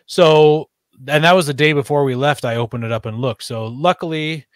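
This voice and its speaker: A podcast host with a fairly high-pitched voice chats casually at a moderate pace, rambling with fillers and restarts. The recording is dry, with clean studio sound.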